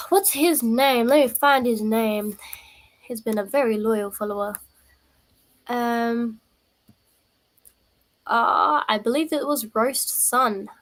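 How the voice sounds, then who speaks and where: A woman's voice: a little high, poor audio. A woman chatting casually on a live stream, rambling and interrupting herself with a playful tone.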